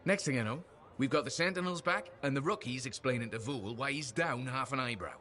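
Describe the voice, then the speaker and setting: Friendly, chatty colleague with a proud streak in a game, voiced by a man; mid-pitched, easy tone. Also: a little fast, bright, forceful tone, a little hiss or hum, lightly acted. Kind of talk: video game dialogue.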